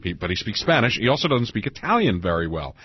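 A man co-hosting a radio show, telling stories in a halting way with repeated words. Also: fairly low pitch, big pitch swings, a little hiss or hum. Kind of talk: casual radio talk, storytelling. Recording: dull lo-fi radio broadcast.

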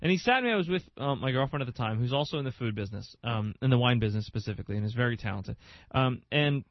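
A man's voice: medium pitch, animated, racing, dry recording, highs cut off. A man co-hosting a casual restaurant chat, joking, rambling and often laughing. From Irish-American, New Jersey. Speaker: podcast co-host.

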